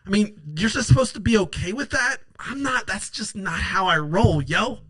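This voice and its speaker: A man's voice: high-pitched, moderate pace, bright, forceful tone, breathy edge, no room sound, poor audio. Blunt, profane man, dry sound. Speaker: political commentator. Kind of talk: impassioned political commentary.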